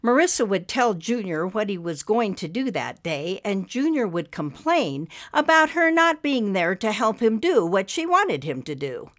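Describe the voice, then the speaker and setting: A woman narrating an audiobook story in a steady, expressive storytelling manner. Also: medium pitch, moderate pace, hardly any pauses.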